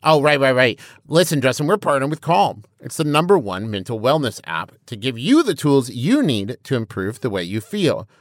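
Man, comedy podcast co-host, playful ad reads, bouncy pitch, dry close sound. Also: sing-song, moderate pace, hardly any pauses, no room sound. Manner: playful, jokey, teasing.

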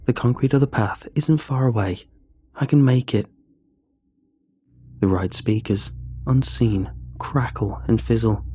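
A man narrating a first-person horror story in a measured, suspenseful reading. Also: mid-range voice, dark tone, a little hiss or hum.

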